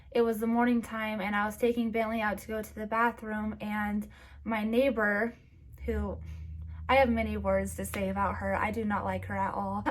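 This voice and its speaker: A young woman vlogger, teary, telling a personal story in a halting way with many restarts. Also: fairly high pitch.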